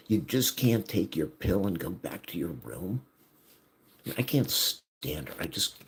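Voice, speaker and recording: A middle-aged man venting bitterly in a personal monologue, his agitated voice swinging from hushed mutters to near-shouts. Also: deep voice, big pitch swings, measured pace, slightly rough. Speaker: vlogger.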